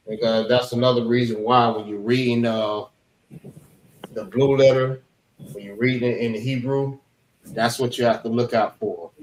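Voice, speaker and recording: A man teaching a language class, patiently repeating words slowly for students. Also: medium pitch. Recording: echoey room, faint background noise.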